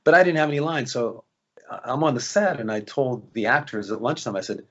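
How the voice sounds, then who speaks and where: A man's voice: medium pitch, brisk, highs cut off. A man, an actor guest, telling anecdotes in a casual interview and acting out the voices of people he quotes. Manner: animated, acts out quoted voices.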